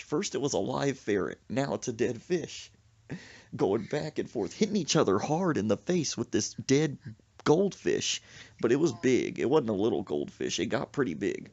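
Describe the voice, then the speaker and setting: A man's voice: medium pitch, gravelly, darkish tone, dull audio. A man telling a comic story on a podcast, exaggerating and making sound effects as he goes. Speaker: comedic storyteller. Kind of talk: animated comedic storytelling.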